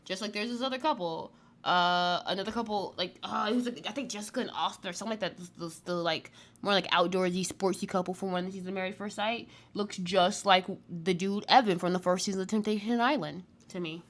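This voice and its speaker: A woman's voice: medium pitch, a little fast. A woman hosting a casual reality TV recap, chatting in a rambling way full of "like". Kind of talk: casual chat review.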